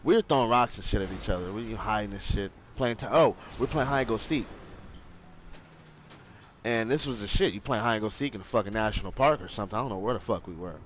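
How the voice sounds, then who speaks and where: A man's voice: fairly low pitch, fast talker, a little hiss or hum. A young man casually telling a rambling, profane childhood story, acting out the other people with raised voices.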